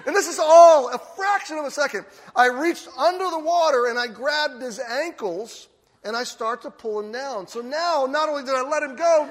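An older man preaching a sermon as a lively storyteller who acts out the scenes he describes. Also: very high-pitched, moderate pace. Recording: long hall reverb.

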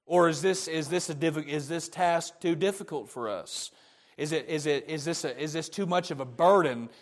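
A man preaching a sermon, emphatic and repetitive, often restarting his phrases. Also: a little high.

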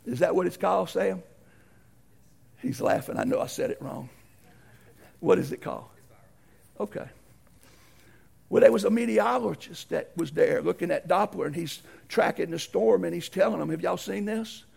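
A middle-aged man preaching a folksy storytelling sermon, animated and acting out the voices in his stories. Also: high voice, moderate pace, vocal fry, pauses often, slightly rough.

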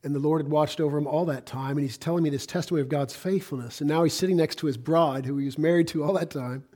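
A middle-aged American man preaching a sermon, swinging between loud emphasis and hushed, quiet passages. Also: fairly high pitch, fast talker. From United States. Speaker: pastor.

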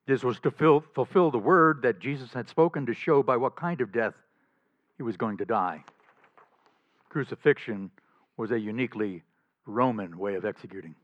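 A male pastor preaching a sermon in an emphatic, animated way, often chuckling between points. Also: medium pitch, normal speed, dry recording. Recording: slightly dull dry recording.

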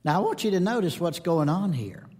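A man preaching a sermon to a live congregation, telling lively stories and acting out the voices of the people in them. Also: high-pitched, fairly quick, husky. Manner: animated storytelling, acts out voices in anecdotes. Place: church or conference hall. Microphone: speaking to a live audience. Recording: long reverb of a large hall.

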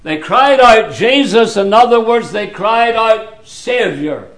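A man preaching a sermon in a slow, deliberate way, with sudden drops to a hushed voice. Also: high-pitched.

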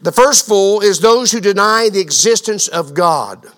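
A man preaching a sermon as pastor, asking the congregation questions and building to a fervent, loud delivery. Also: high voice, expressive, a little slow. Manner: grows louder and more fervent.

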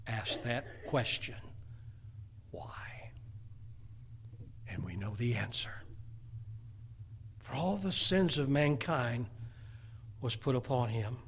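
A man preaching a sermon, reading scripture verses aloud and swinging from loud, emphatic passages to hushed, almost whispered ones. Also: medium pitch, slight background noise.

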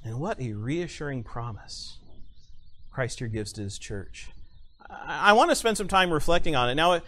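A male pastor preaching a sermon, stressing single words with long pauses and repeating phrases for emphasis. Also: a little high, expressive, bright, forceful tone.

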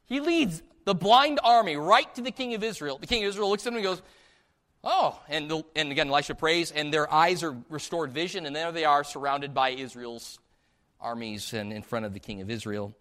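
Male pastor, slightly high voice, animated sermon storyteller. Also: moderate pace. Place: church sanctuary. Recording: long hall reverb.

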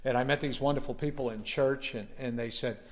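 A man's voice: mid-range voice, fairly even intonation, brisk. A male pastor delivering a sermon, telling a personal story in a folksy way and building up to emphatic preaching.

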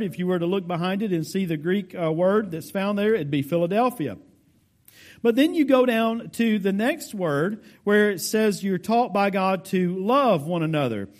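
A man's voice: high voice, a little mellow. A pastor from the United States giving a verse-by-verse teaching sermon. He explains with care, lands hard on key words, and speaks straight to his congregation. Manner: deliberate, explanatory, stresses key words emphatically.

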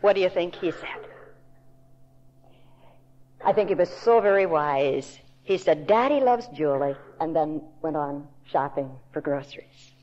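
A woman Bible teacher giving a sermon in a deliberate, emphatic storytelling manner. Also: low voice, steady tone, darkish tone. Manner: slow, deliberate, emphatic storytelling with quoted voices. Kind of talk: recorded sermon to a women's audience. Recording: dull lo-fi tape recording.

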